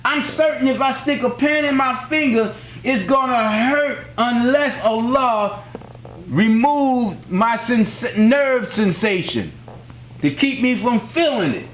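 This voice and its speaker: A man's voice: very high voice, expressive, takes it slowly, slight background noise. A man from the United States giving a spiritual teaching in an earnest, plainspoken way, repeating key phrases and telling personal stories. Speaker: religious teacher.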